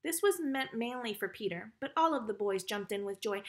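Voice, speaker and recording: A woman's voice: fairly high pitch, expressive, normal speed. Woman reading a children's storybook. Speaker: narrator.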